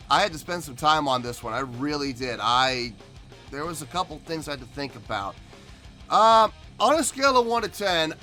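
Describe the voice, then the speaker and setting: A man's voice: fairly high pitch, sharp tone. A man hosting a music reaction channel, reviewing a song in a casual, emphatic way and talking straight to his viewers.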